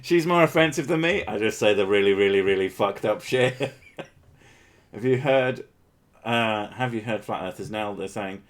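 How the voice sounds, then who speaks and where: A man's voice: lowish voice, measured pace. A man hosting a casual livestream, reading viewer comments aloud with crude jokes and frequent laughter. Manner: crude, joking, laughs often. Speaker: streamer host.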